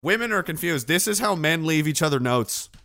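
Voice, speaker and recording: Sharp in tone and fairly high-pitched, the man speaks animatedly and fairly quickly. It's a casual live show where he swears heavily, mocks things sarcastically, and reads out what viewers type.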